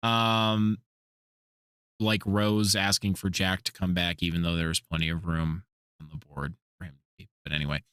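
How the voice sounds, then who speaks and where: A man's voice: deep voice, level tone, normal speed, fairly bright tone, clean tone, dry recording, studio quality. A man hosting a casual podcast, telling rambling stories and swearing freely. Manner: profane, rambling storyteller. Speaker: podcast host.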